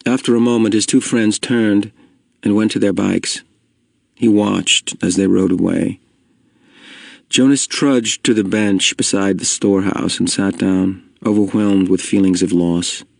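A man reading a story aloud in steady, measured scripted narration. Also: fairly low pitch, creaky, no echo, studio quality. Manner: steady, measured reading, slowing at heavy moments. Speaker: audiobook narrator.

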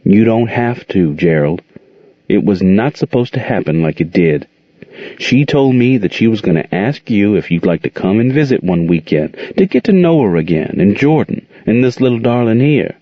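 A man's voice: lowish voice, expressive, normal speed, no echo. A man voicing an older aunt, folksy, firm and protective, in a dull muffled recording. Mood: reassuring. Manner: folksy, scolding then tender. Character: warm firm older aunt raising kids.

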